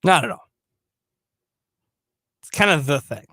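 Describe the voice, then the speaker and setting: Male radio co-host, high and lively voice, dry close studio sound, animated banter. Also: measured pace, no room sound. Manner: animated, self-defending, repeats words. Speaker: radio sports talk co-host. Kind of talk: casual sports radio banter.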